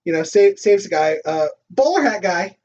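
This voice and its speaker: A man co-hosting a casual movie discussion podcast, animated and laughing often as he acts out lines from the film. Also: high voice, moderate pace. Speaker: podcast co-host. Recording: distant, dull lo-fi recording.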